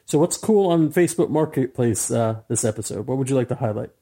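A man's voice: medium pitch, expressive, brisk, mellow, breathy edge. A man co-hosting a podcast in casual chat, dry and teasing. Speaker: podcast co-host.

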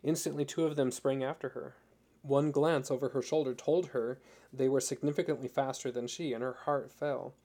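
A man reading a novel chapter aloud as an audiobook narrator, steady storytelling. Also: mid-range voice, moderate pace. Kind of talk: scripted narration.

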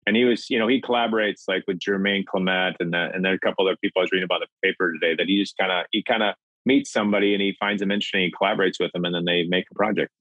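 A middle-aged man from Minnesota, a comedic actor and filmmaker, telling an animated anecdote and acting out the voices. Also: sits low, racing, dry recording, lo-fi sound. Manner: acts out voices in his anecdotes, excitable. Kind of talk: animated storytelling. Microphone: video call.

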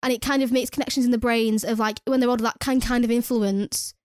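A woman's voice: fairly high pitch, fairly even intonation, quick pace, darkish tone, dry recording, clean studio sound. A young woman who works at a nursery, telling a story in casual chat with lots of swearing and exasperated ranting. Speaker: nursery worker.

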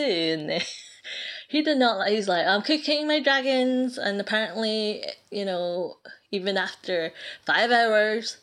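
A woman's voice: medium pitch, fairly bright tone. A woman clan leader chatting casually, ranting in an amused way and laughing often. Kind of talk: casual chat.

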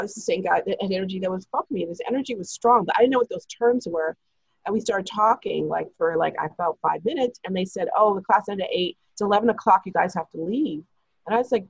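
A woman recounts a long personal story in a rambling, breathless way, slipping into the voices of the people she quotes. Her voice is husky, and the recording is dry and a little dull, with no room sound. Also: mid-range voice, no room sound. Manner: chatty, breathless retelling with quoted dialogue. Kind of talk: casual storytelling.

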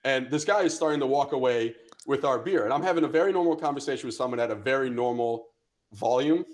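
A young man co-hosting a podcast, telling a story in casual chat with animated, profane energy. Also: mid-range voice, fast. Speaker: podcast co-host.

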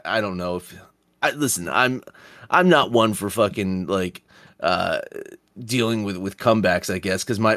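Male podcast host, low dry voice, rambling and profane. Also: a bit bright, no echo. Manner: rambling, swears often, reads quotes aloud. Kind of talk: casual profane sports betting chat.

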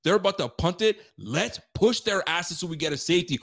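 A young man tells a game-day story in a casual sports chat, his voice sitting a little higher than most. He talks in animated bursts, pitch jumping as the excitement builds. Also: fast, hardly any pauses, husky. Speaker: co-host.

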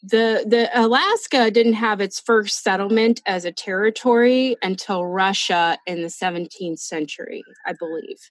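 Woman, podcast host, mid-pitched, blunt and sweary, casual banter, dry recording. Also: moderate pace, few pauses, no room sound. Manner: blunt, profane and chatty. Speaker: podcast host telling a true crime case.

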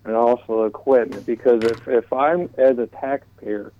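A man's voice: mid-range voice, fairly even intonation. Earnest male caller on a phone line. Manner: earnest, halting, repeats words. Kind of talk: call-in radio chat. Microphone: telephone line.

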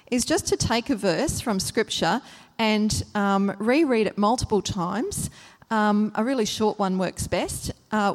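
A woman giving a gentle church teaching talk, explaining at length with frequent ums and uhs and repeating phrases for emphasis. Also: medium pitch, big-room sound. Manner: repeats a phrase to stress each word.

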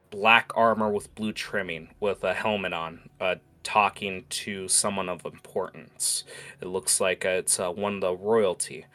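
A man's voice: lowish voice, pushed and bright. Casual male game master, lots of "uh"s. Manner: loose narration full of "uh" and "like". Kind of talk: narrating a tabletop game.

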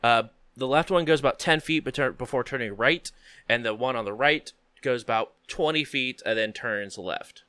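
A man narrating a tabletop game as game master, describing scenes in a halting way with frequent fillers. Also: medium pitch, sharp tone, smooth.

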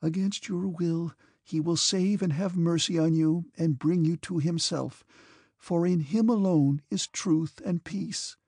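A man voicing a gentle, devout, timid young princess in an audiobook, earnest and pleading. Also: fairly high pitch, expressive, normal speed, husky, no room sound, studio quality, pitched above the performer's own voice. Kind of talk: audiobook character reading.

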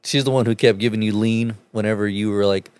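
A young man bluntly retelling a story in casual chat, crude and animated. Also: on the low side, a little fast, clear, resonant tone, no echo.

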